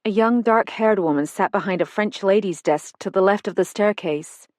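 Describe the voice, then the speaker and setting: A woman reading a first-person mystery novel aloud in an even, measured style. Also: mid-range voice, no echo, studio quality. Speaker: audiobook narrator. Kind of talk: first-person scripted narration.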